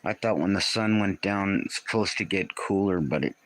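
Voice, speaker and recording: Bright-toned man chatting on a livestream. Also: low-pitched, moderate pace, poor audio. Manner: reads out and answers viewer comments, often confused. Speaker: livestream host. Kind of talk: casual livestream chat with viewers.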